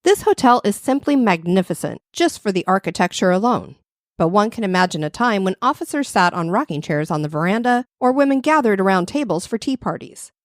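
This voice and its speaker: A woman co-host reads a scripted passage in a measured, descriptive manner. Her voice sits at a middle pitch, and the sound is dry and close to the mic. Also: big pitch swings, dry recording. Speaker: podcast co-host. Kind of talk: scripted narration.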